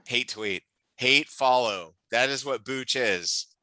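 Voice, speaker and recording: A man's voice: mid-range voice, slow pace, bright, forceful tone, no echo, rough recording. A man co-hosting a casual wrestling chat, enthusiastic and teasing, often restarting his sentences. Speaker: podcast co-host.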